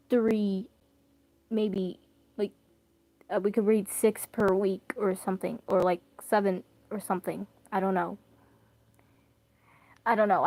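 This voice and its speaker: A woman's voice: medium pitch, a little mellow, no room sound. A young woman chatting casually and rambling while reading a story aloud on stream. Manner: rambling, self-deprecating, bursts of laughter.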